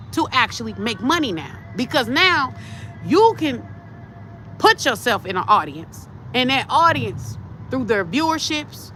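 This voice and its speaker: Animated, high-voiced woman ranting bluntly. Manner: blunt, profane and animated, talking straight at the camera. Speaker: tarot reader and channel host. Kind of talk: casual ranting commentary. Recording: noisy, with traffic sounds outside.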